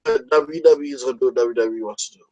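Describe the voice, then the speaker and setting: A man's voice: mid-range voice, quick pace, gravelly, dark tone, lo-fi sound. A man hosting a podcast in a casual chat, opinionated and rambling, swearing freely. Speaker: podcast host.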